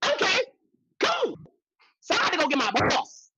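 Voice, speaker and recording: Woman podcast co-host, casual storyteller with a bright, animated delivery and plenty of profanity. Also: high voice, quick pace, vocal fry, slight background noise, low-quality recording. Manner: animated, repeats lines for emphasis, swears freely.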